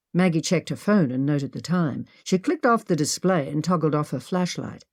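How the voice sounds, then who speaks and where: A woman reading an adventure audiobook as narrator, with expressive storytelling. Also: sits low, moderate pace, few pauses, no echo, studio quality.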